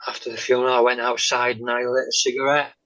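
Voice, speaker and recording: A man, a guest telling his faith testimony in an interview, halting with many pauses and "um"s and often dropping to a soft tone. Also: mid-range voice, level tone. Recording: dull lo-fi sound.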